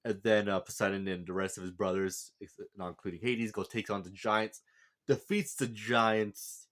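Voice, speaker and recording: Male reviewer with a slightly low voice, loose rambling recap full of restarts. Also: normal speed, fairly bright tone. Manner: rambling, heavy on fillers and restarts. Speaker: anime reviewer. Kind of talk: casual plot recap and character review.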